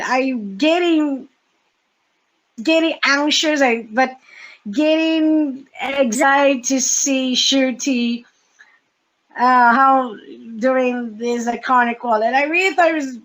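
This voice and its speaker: A woman hosting a casual fan podcast, talking in a halting way with many fillers and restarts. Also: fairly high pitch, rough recording. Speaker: podcast host.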